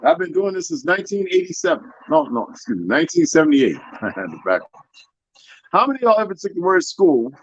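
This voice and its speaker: A man's voice: a little high, very animated, brisk, muffled recording, slight background noise. A man lecturing in a casual talk-show chat, full of his own theories. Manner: lecturing, talks about himself as a linguist. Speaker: guest.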